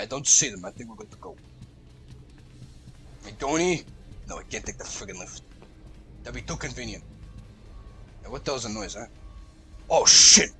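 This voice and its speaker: A man hosting a let's play, reacting loudly and profanely, yelling at the game as he plays. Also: mid-range voice. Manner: excitable, profane, shouts at the game. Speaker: gaming channel host.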